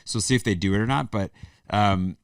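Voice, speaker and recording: A man's voice: lowish voice, a little fast, clean tone, no echo. An American man hosting a casual podcast chat, rambling and self-deprecating with frequent restarts. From United States. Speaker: podcast host. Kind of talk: casual conversation. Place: garage. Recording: dry, slightly distant mic.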